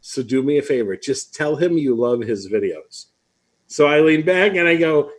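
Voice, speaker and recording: A man hosting a live online event, chatting casually and telling a story with lively asides. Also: on the high side, normal speed. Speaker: host. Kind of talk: casual live-stream chat.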